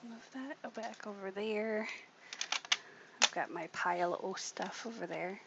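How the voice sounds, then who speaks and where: A woman's voice: medium pitch, slow pace, vocal fry. A woman hosting a casual craft tutorial, chatty and thinking aloud as she works at her desk. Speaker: craft channel host. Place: home craft room at a desk. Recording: muffled, lo-fi audio with background noise.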